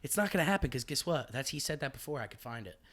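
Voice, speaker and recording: A male comedian guest on a podcast, spinning stories in a loose, profane, animated way. He talks at an everyday middle pitch and throws himself into the quotes he acts out. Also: racing. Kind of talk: casual podcast storytelling.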